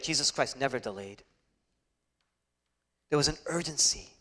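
A man preaching a sermon, swinging between hushed, whispered passages and loud, emphatic peaks. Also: mid-range voice, animated, a little slow.

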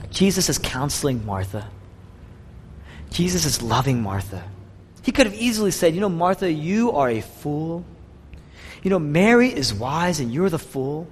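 A male pastor preaching a sermon with a dynamic delivery, his voice rising loud and high, then dropping low and soft. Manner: dynamic preaching, rising and falling in pitch and loudness. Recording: long reverb of a large hall.

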